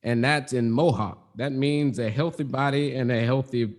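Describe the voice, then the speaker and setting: A man's voice: mid-range voice, moderate pace, close to an everyday voice. A man playing a pompous, boastful founder who brags about his sanitarium, speaking in first person.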